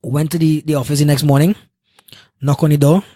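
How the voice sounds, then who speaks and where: Animated Trinidadian man telling a story. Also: fairly high pitch, fairly quick, dry recording, studio quality. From Trinidad and Tobago. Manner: animated, acts out the people in his story. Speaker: guest, sports marketing executive. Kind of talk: casual storytelling in a podcast interview.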